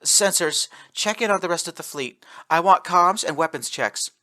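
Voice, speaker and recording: A man voicing a young female acting captain who gives brisk orders to her crew. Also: fairly high pitch, sing-song, pushed and bright, voice pushed up. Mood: commanding. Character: young woman acting starship captain, commanding.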